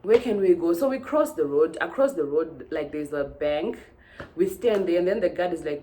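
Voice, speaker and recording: A woman from Zimbabwe, telling a storytime vlog in an animated way and acting out the dialogue. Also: fairly low pitch, normal speed. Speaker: vlogger.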